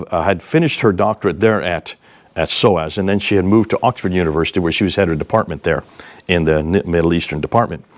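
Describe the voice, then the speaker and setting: A man in his sixties giving a seminar talk, telling lively, emphatic anecdotes to a live audience. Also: lowish voice. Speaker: seminar speaker. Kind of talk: animated storytelling lecture.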